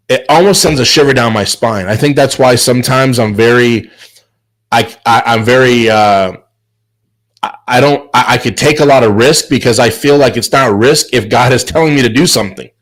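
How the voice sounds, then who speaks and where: A man's voice: mid-range voice, a little fast, poor audio. A man hosting a chef business show, giving an emphatic, preachy motivational talk on a video call. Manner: emphatic, preachy, repeats words. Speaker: host.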